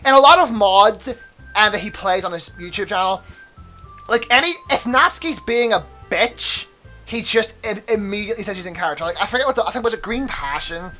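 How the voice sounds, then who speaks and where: A man's voice: high voice, expressive, a little fast, bright, forceful tone, soft background music. A young man hosting a let's play, chatting casually, laughing often, swearing and stopping to rant about the game.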